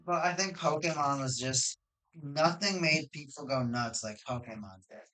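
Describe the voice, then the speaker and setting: A streamer chatting casually while opening card boxes, excitable and talkative, restarting and correcting sentences often, on a loud high-gain desk mic. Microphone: hot desk microphone with high gain.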